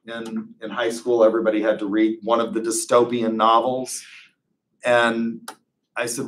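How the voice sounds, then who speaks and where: A man's voice: on the low side, steady tone, measured pace, a bit bright. A man giving a conversational classroom lecture as a professor, full of wry, digressive asides.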